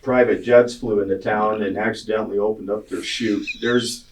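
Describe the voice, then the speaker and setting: On a casual podcast, a man who is a racing guest spins a long, rambling, profane tale with chuckles. His voice is fairly low, steady in tone, and moderate in pace. A distant mic leaves clear background noise.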